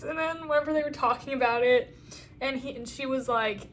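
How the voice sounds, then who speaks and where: A woman's voice: high voice, normal speed, fairly bright tone, slight background noise. A woman reviewing a TV episode in a casual chat, enthusiastic and rambling, with lots of "um" and "like". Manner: enthusiastic, rambling, heavy use of fillers. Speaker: fan video reviewer.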